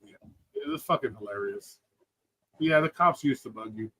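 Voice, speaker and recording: A man's voice: mid-range voice, normal speed, pushed and bright. A man telling stories on a live stream in a casual, blunt and profane way. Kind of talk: casual storytelling.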